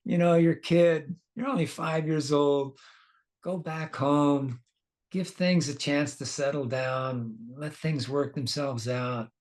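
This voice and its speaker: A man voicing a kindly old sage who gently coaxes a boy to go home, told in a scripture class. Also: medium pitch, moderate pace, pauses often, close to an everyday voice. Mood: coaxing. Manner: coaxing, gently reasoning.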